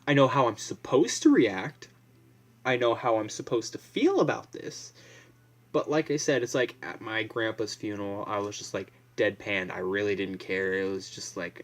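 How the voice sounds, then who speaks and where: A man's voice: fairly low pitch, expressive, moderate pace. Young dude rambling into his phone, swears a lot, lots of "like"s. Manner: blunt, profane, rambling with lots of fillers. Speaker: vlogger. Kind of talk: casual rambling monologue.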